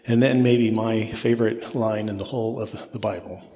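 A man's voice: on the low side, steady tone, normal speed, dark tone. A man preaching an expository sermon, repeating phrases for emphasis as his intensity rises and falls. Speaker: pastor. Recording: long reverb of a large hall.

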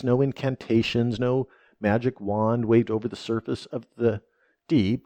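A man's voice: medium pitch, warm tone, dry recording. A man preaching a sermon, emphatic and conversational, often asking "right?" and restarting his words.

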